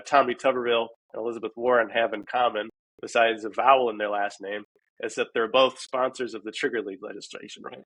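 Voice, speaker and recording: A man's voice: fairly low pitch, fairly bright tone, no echo, low-quality recording. A man answering a podcast host's question in a conversational way, often restarting his sentences. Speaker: guest, housing policy advocate. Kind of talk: casual podcast interview answer.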